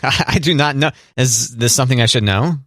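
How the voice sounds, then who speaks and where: A man's voice: mid-range voice, a little fast, a bit bright, no room sound, studio quality. A man hosting a podcast in casual chat, explaining things in an easygoing, wry way. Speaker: podcast host.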